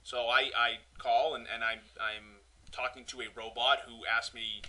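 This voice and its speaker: Young man, casual podcast chat, very bright and forward tone, stammers and restarts, repeats his words as he tells a rambling story. His pitch sits in the middle of the male range. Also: level tone, normal speed. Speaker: podcast co-host.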